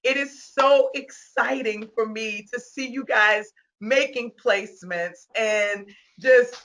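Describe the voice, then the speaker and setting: A high-voiced woman hosts a casual video call, her tone bright and ringing. She gushes with excitement, laughs often and sounds close to tears. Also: slow pace. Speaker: host of a virtual meet-and-greet.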